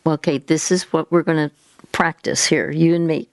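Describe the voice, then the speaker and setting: A woman's voice: sits low, little pitch movement, moderate pace. A woman hosting an advice talk, patiently guiding a caller step by step. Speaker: host giving faith-based advice.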